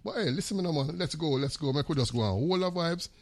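A man with a Jamaican accent hosting a radio show, calling out greetings with repeated, animated shout-outs mixed with patois. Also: on the high side, fast talker.

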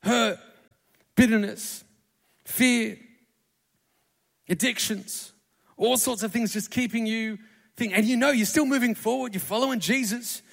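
A man's voice: extremely high pitch, unhurried, gravelly, pauses often. A man preaching a conversational sermon in a church, acting out the quotes as he tells the stories. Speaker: pastor. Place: church auditorium. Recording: long hall reverb.

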